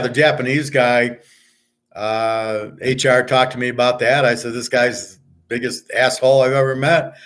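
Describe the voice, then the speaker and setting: A man's voice: mid-range voice, fairly bright tone. Blunt, profane middle-aged American man ranting. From United States. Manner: profane, blunt storytelling with heated bursts. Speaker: sports betting show host. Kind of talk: casual ranting monologue.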